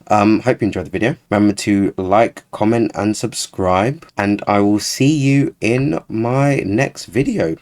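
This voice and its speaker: A man's voice: lowish voice, normal speed, few pauses. A man giving casual, sarcastic reaction commentary as a YouTuber, sounding exasperated.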